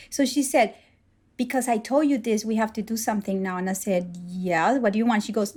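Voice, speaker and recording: A woman's voice: medium pitch, fairly even intonation, fairly quick, a little mellow. A woman guest in a conversation, reflecting and telling personal stories, often acting out what was said. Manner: reflective, storytelling, acts out dialogue. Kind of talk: conversational interview.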